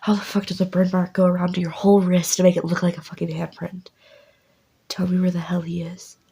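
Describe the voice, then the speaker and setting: A protective teenage brother, blunt and quick to swear, as a woman puts him on. His lines come soft and very breathy in this whispered role-play, with a mellow, dark edge. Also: sits high, monotone, full character voice. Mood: furious. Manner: blunt, swears when angry.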